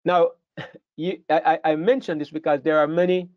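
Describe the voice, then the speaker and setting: A man's voice: on the high side, level tone, moderate pace, no echo. Older man, Bible class teacher, earnest, slightly dull lo-fi recording. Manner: earnest, repeats words while thinking.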